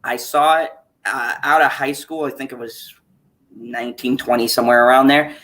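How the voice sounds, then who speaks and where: A man in his thirties hosting a casual chat stream, animated and profane, laughing often as he talks. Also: mid-range voice, moderate pace. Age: 30s. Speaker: stream host.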